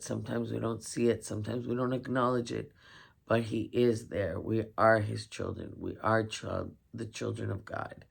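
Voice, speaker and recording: A woman vlogger talking warmly and emotionally to her viewers, near tears. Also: extremely low pitch, gravelly. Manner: emotional, tender, talks straight to viewers. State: tearing up. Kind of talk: heartfelt holiday vlog.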